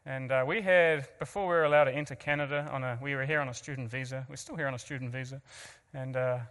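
A man's voice: medium pitch, steady tone, fast talker, a bit bright, clean tone. New Zealand man, earnest testimony, reverberant hall. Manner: earnest, self-mocking asides, frequent restarts. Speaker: guest speaker. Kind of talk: personal testimony to an audience.

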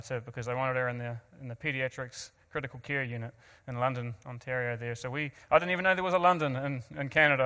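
A man's voice: mid-range voice, sharp tone, clear, resonant tone, in a large hall. A man from New Zealand with a New Zealand accent, earnestly telling an audience his personal story with self-mocking asides and frequent restarts. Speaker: guest speaker.

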